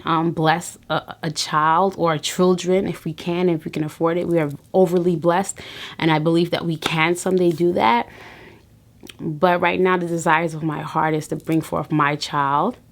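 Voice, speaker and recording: A woman in her thirties speaks straight to her viewers in a personal vlog. Her voice sits fairly low with a gravelly edge, and she talks with earnest, faith-filled encouragement, often restarting her phrases. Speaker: vlogger.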